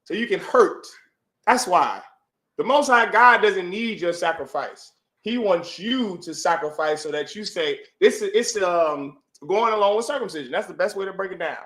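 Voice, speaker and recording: Teaching a religious class to a room of listeners, a man repeatedly asks rhetorical questions and calls on them to respond. His high-pitched voice is animated and fairly bright at a moderate pace, and the room sounds echoey.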